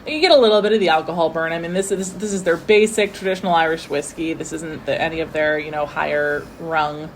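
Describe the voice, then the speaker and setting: A woman co-hosting a casual whiskey tasting, chatty and quick to laugh at herself. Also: sits low, slight background noise. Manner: chatty, laughs often, self-deprecating.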